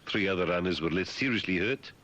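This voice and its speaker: A man's voice: low-pitched, expressive, fast, fairly bright tone, a little hiss or hum. A man hosting talk radio, reading news items and breaking off into wry, rambling, sardonic asides. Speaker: radio host.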